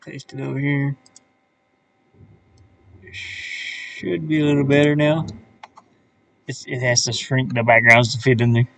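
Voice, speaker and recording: A man talking slowly and unhurriedly in a casual live stream, half to himself as he works. He mutters and thinks aloud, trailing off with fillers. His voice sits at an ordinary middle pitch. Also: flat delivery, gravelly, a bit bright. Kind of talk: casual live-stream commentary while working. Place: his van.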